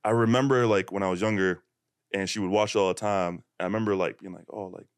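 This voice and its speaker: A laid-back young man hosts a casual podcast chat, his voice low-pitched and smooth. He laughs easily and talks in loose, relaxed runs. The sound is dry and close. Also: quick pace, no room sound. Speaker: podcast host.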